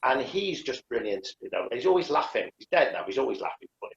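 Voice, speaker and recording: Animated, rambling man chatting over a beer. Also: medium pitch, quick pace, vocal fry, reverberant, highs cut off. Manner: animated, rambling, many restarts and fillers. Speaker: karate instructor. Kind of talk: casual chat over a beer.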